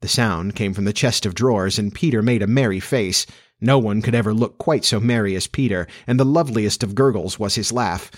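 A man's voice: fairly low pitch, no room sound, studio quality. Man reading a storybook aloud. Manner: steady, measured storytelling. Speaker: narrator.

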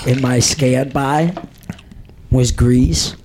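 A young man in casual podcast chat, blunt and animated, swearing freely. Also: mid-range voice, extremely slow, noisy background. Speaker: podcast co-host.

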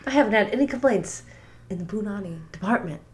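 A woman's voice: medium pitch, lively intonation, fast. A woman co-hosting a true crime podcast, chiming in with crude, teasing jokes. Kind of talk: casual joking banter.

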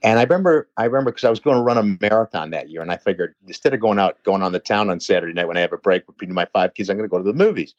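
Guy rattling off a story fast, lots of swearing, lively up and down voice, dull dry sound. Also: lowish voice, dry recording. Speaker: personal trainer telling a story. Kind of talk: casual storytelling chat.

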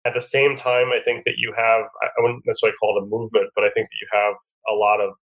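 A man guesting on a podcast, his voice husky and nasal from a cold and sitting a bit low. He explains ideas in a thoughtful, easygoing way, with homely analogies. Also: flat delivery, fast talker, highs cut off. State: has a cold. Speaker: podcast guest, productivity coach. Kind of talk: casual interview talk.

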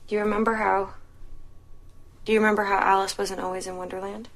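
An actress playing a young mother telling her child a story in a film scene, gently but insistently. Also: mid-range voice, level tone, fast talker, soft background music, close to an everyday voice. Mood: patient. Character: young mother, woman, patient and guarded. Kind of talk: film dialogue.

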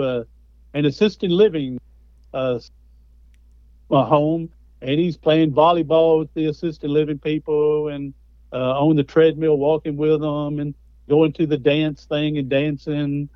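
A man's voice: fairly high pitch, fairly even intonation, measured pace, smooth, dry recording, muffled recording. A man, a guest speaker and author telling stories in a folksy, conversational way. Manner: folksy storytelling. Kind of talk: conversational interview.

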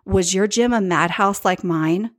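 A woman's voice: mid-range voice, unhurried. Chatty emphatic woman podcast host. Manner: emphatic and chatty, repeats key points; addresses live viewers directly. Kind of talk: casual solo podcast monologue.

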